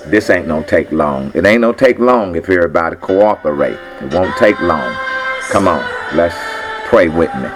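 A man's voice: low voice, lively intonation, moderate pace, music in the background. A man leading a church prayer, coaxing and folksy, repeating himself as he calls people in. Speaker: prayer leader. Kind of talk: informal church prayer call.

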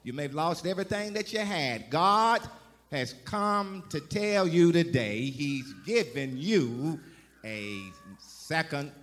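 A man preaching a sermon in the first person as a Bible figure, calling for responses and swinging from soft to loud. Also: fairly high pitch, long reverb tail. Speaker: guest preacher.

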